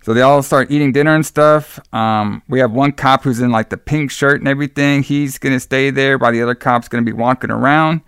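Gravelly, smooth-voiced man recapping casually. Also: mid-range voice, steady tone, a little fast, few pauses, a bit bright, no echo, studio quality. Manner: loose, rambling retelling with acted-out quotes and profanity. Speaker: podcast co-host recapping a film. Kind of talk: casual chat.

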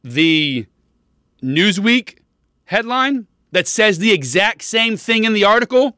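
Brief: riled-up male host, high bright voice, dry close sound, cursing commentary. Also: lively intonation, slow, clean tone, no room sound. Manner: heated, profane, riled-up. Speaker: podcast host. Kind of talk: political commentary rant.

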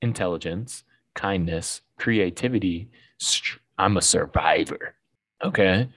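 A man co-hosting a casual movie podcast, reading out quiz questions in a relaxed way. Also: low voice, slow pace, husky, no echo, clean studio sound. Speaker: podcast co-host.

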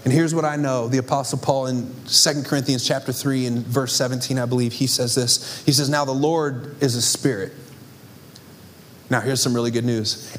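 A man's voice: medium pitch, fairly even intonation, normal speed, a little hiss or hum. A young adult man preaching a sermon with passion and emphasis, as pastor on a church stage. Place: church stage before a congregation.

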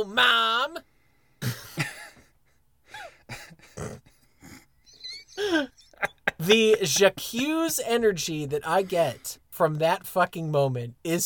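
A podcast co-host in casual chat, animated and laughing often while recounting favorite moments. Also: male voice, high-pitched, dry recording.

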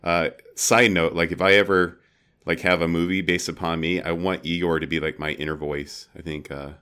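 A man's voice: low voice, little pitch movement, normal speed, sharp tone, smooth. A man co-hosting a podcast, talking in a casual, rambling way with many filler words. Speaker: podcast co-host. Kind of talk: casual chat.

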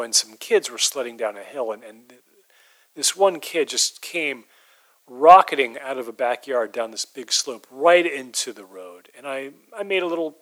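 A man telling an eerie personal story in a measured, halting way, sometimes dropping his voice to a hush. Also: medium pitch. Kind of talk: casual storytelling.

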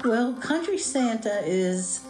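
Woman, middle-aged, bit high voice, lively storytelling on a podcast, echoey. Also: over loud music. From Appalachian United States. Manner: animated storyteller, slows for emphasis. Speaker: podcast co-host. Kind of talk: casual chat. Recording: roomy echo.

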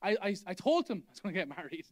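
High-voiced man preaching emphatically. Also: sing-song, fast, a little mellow. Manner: emphatic, repeats key phrases for effect. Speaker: pastor. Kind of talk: sermon. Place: church hall.

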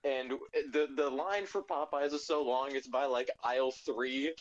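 A man's voice: medium pitch, fairly even intonation, measured pace. A young man telling a rambling, laugh-filled story in casual chat. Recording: dull lo-fi sound.

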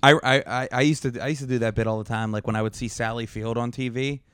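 A man's voice: medium pitch, steady tone, fast, fairly bright tone, clean tone, dry recording, clean studio sound. A man co-hosting a comedy podcast in casual chat, swearing freely and stammering through his stories. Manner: profane, stammering storyteller. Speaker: podcast co-host.

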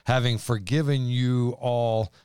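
Man, pastor, smooth resonant voice, dry close sound, earnest, quotes verses. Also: mid-range voice, steady tone, slow, darkish tone, no room sound. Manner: earnest, quotes scripture at length with emphasis. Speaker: pastor, podcast co-host. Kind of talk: casual religious podcast chat.

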